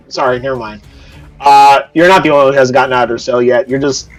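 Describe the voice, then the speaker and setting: A man's voice: medium pitch, steady tone, fast, soft background music, low-quality recording. A man narrating as game master in a casual, profane way, explaining rules as he goes.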